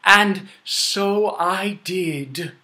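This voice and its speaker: A man telling stories to children in a playful, animated way, inviting listeners to join in. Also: high voice, very slow. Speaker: storyteller. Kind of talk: storytelling for children.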